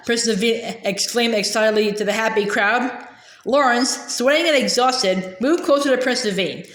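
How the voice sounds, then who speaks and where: A woman with a slightly high, fairly bright voice reads a children's novel aloud at a moderate pace, narrating steadily with the odd stumble and restart. The room adds a clear echo.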